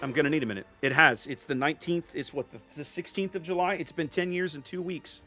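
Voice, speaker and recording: Man, game streamer, casual chatter, repeats words, fairly high voice, faint music behind. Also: fast, sharp tone. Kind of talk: casual live-stream commentary.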